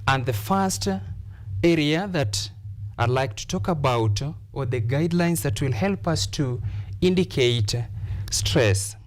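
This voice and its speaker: A Kenyan man teaches a classroom lesson on television, his mid-range voice expressive. He explains things deliberately, goes over his examples more than once, and pauses with "uh" fillers.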